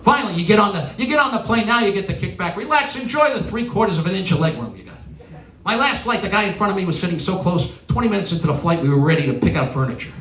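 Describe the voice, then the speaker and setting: A man's voice: sits high, animated, fast talker, a bit bright. A middle-aged man from New York with a New York accent, doing a stand-up comedy routine with exasperated rants and punchlines. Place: stage in a large venue with a live audience. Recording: roomy live hall from a distance, audience noise. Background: audience laughter and applause.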